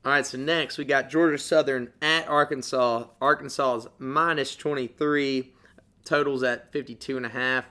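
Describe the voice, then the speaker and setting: A man's voice: medium pitch, steady tone, normal speed, bright, forceful tone. A man co-hosting a podcast, emphatic and crude-humored as he talks sports bets. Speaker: podcast co-host. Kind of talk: casual sports betting chat.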